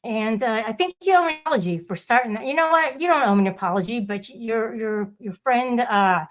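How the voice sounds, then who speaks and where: A woman's voice: on the high side, expressive, fairly quick. A woman hosting a casual livestream, rambling and swearing as she talks back to her viewers' chat. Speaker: livestream host.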